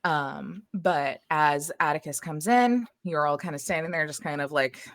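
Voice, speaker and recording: Low-voiced woman narrating as game master. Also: a little slow. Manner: casual, lots of filler words.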